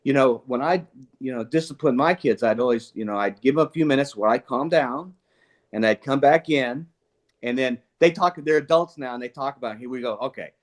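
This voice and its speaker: The retired police chief speaks a little fast at medium pitch, an older man reflecting earnestly but casually on leadership and raising kids. He tells his stories animatedly, laughing often and frequently restarting sentences.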